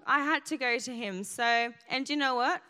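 A woman's voice: high-pitched, normal speed, sharp tone. A woman pastor preaching a sermon, telling a personal story in an emphatic way. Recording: long hall reverb.

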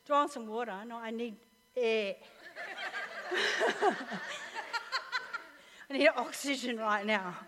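High-voiced woman pastor preaching live. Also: fairly quick, a crowd in the background. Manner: animated storytelling, laughs often. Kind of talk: sermon. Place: church hall with live audience. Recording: reverberant live hall recording.

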